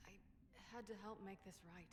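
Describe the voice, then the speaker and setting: An actress playing a proud, defensive female smith in a video game, sharp-tongued and protective. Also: mid-range voice, steady tone, a little fast, slightly rough, close to an everyday voice. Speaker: game character.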